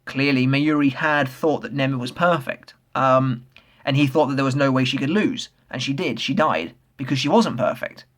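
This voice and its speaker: A man casually reviewing a comic chapter, excitable, swearing freely and filling pauses with lots of ums. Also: medium pitch. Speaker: manga reviewer.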